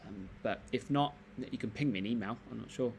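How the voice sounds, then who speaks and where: A man's voice: on the low side, brisk, vocal fry, darkish tone, slight background noise. A man hosting a live stream, chatting casually and reading out comments in a rambling, laid-back way with lots of fillers and restarts.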